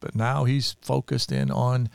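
A man's voice: mid-range voice, fairly even intonation, measured pace, gravelly, darkish tone, clear, resonant tone, no echo. An older man co-hosting a casual Bible discussion podcast, speaking in an earnest, heartfelt, teaching way. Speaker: podcast co-host.

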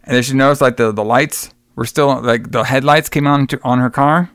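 A man's voice: mid-range voice, fairly even intonation, fairly quick, fairly bright tone, smooth, no echo, studio quality. A man casually recapping a movie on a podcast, rambling, swearing often, laughing and acting out the characters. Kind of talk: casual profane chat.

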